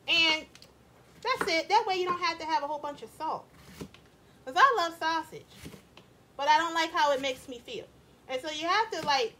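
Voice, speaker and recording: A woman's voice: sits high, bright, forceful tone, slight background noise. A woman cooking at home, chatting to her viewers in a casual way, often saying "y'all" and asking them questions. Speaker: cooking vlogger. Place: home kitchen.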